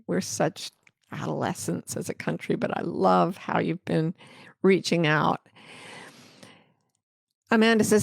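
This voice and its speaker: A middle-aged American woman speaks gently and reflectively, as if reading to an audience. Her voice sits low and has a gravelly fry. The sound is dry and close, with no room echo. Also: measured pace, long pauses. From United States. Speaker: host answering viewer comments. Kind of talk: live-stream talk and poetry reading.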